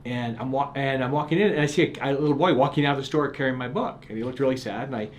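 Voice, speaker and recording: A man's voice: medium pitch, fast talker. Middle-aged male author, earnest storytelling guest, stumbles into sentences, faint background hiss. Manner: earnest, repeats words when starting sentences. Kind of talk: reflective storytelling interview.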